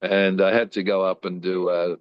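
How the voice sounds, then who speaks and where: An older man from Australia, a guest in an interview, telling animated anecdotes and acting out the lines of the people in them. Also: low voice, normal speed, smooth, no room sound, highs cut off. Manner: animated storyteller who acts out quoted lines.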